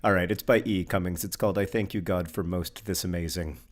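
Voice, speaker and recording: Low-voiced man reading poems aloud. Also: steady tone. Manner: slow, measured poetry reading with quick, hesitant asides. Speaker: podcast co-host.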